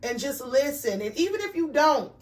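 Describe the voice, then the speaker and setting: A woman's voice: sits high, very animated, moderate pace. Emphatic woman host, slightly distant mic. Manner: warm motherly storytelling, emphatic. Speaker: talk show host. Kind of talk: casual conversation.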